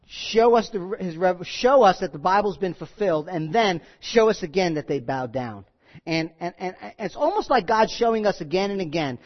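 A man preaching a sermon in a conversational, animated way, with frequent asides. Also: sits high, lo-fi sound. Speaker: pastor.

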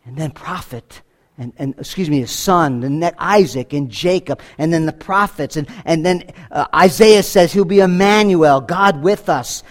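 High-pitched guy preaching, goes from loud to quiet, lots of "you know" and repeats. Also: moderate pace. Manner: dramatic swings between loud exclamations and hushed low tones; repeats words, conversational asides. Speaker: pastor. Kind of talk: sermon.

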